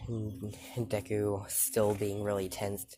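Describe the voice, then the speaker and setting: A man's voice: on the low side, monotone, slow, background noise. A man telling an improvised fan-fiction story, rambling with many fillers and self-corrections.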